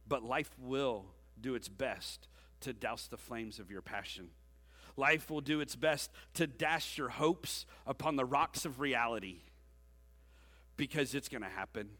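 A man's voice: medium pitch, normal speed, pushed and bright, big-room sound. A middle-aged man, giving a joking, self-deprecating sermon-style talk to graduating seniors. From Georgia, USA. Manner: joking, self-deprecating, with frequent "okay?" asides. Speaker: teacher and speaker at a senior ceremony. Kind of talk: conversational sermon-style address.

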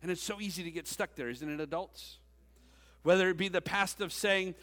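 In a church sanctuary with a hall's long reverb, a youth pastor in his forties preaches conversationally and jokes with the congregation. His voice is high, a little fast, and sharp in tone.

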